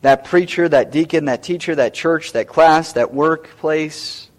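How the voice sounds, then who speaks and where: A man's voice: on the high side, unhurried. A man preaching a sermon as pastor, emphatic and repeating key phrases.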